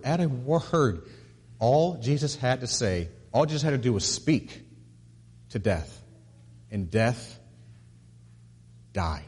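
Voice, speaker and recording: The sermon comes from a male pastor whose husky, touch-breathy voice reverberates long through the large sanctuary. He builds each point by repeating words, then sinks to a soft, low delivery for the key lines.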